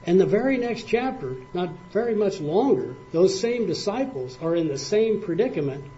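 A man's voice: sits high, very animated, moderate pace, mellow. An older man preaching a folksy sermon, telling stories in a plainspoken, conversational way with spoken fillers. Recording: muffled lo-fi recording with faint hiss.

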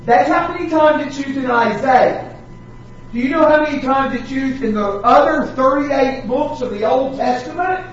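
A man preaching a sermon, slowing down to stress repeated words with dramatic weight. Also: very high-pitched, a little hiss or hum. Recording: echoey hall, distant mic, dull sound.

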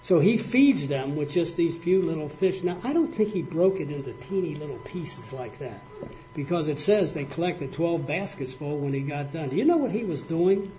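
A man's voice: a little high, animated, normal speed, warm tone. An older man preaching a folksy sermon, telling stories in a plainspoken, conversational way with spoken fillers. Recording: muffled lo-fi recording with faint hiss.

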